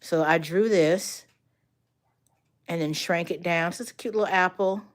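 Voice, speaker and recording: An older woman, a grandmother and art instructor, chatting casually on a livestream, talking to viewers by name and retelling stories with lively energy. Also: lowish voice, normal speed.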